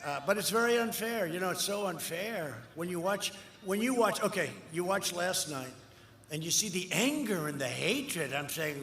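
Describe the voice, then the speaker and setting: A political speaker in his seventies addresses a large outdoor campaign rally, rambling, repeating himself, boasting and riffing with the crowd. His voice sits high and a bit bright, with lively intonation at a normal speed. The sound is echoey, with a cheering crowd and crowd noise behind him.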